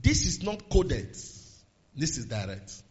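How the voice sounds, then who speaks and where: A man preaching a sermon, swinging from low murmurs to raised exhortations and quoting scripture in old-fashioned phrasing. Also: big pitch swings, takes it slowly, lo-fi sound. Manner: quotes scripture in King James phrasing.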